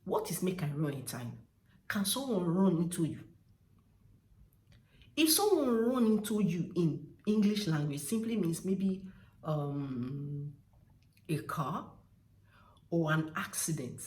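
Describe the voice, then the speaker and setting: A woman's voice: fairly low pitch, animated, a little mellow, reverberant, far from the mic. A woman with a Nigerian accent explaining slang in a casual vlog, acting out phrases by drawing them out with emphasis. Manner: drawn-out, emphatic demonstrations of phrases. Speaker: vlogger teaching slang.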